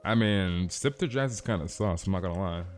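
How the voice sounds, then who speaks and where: A man's voice: deep voice, brisk, soft background music. A young man streaming a game, chatting casually with viewers, rambling and slangy as he tells stories. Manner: rambling, animated storytelling, slangy. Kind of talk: casual live-stream chat.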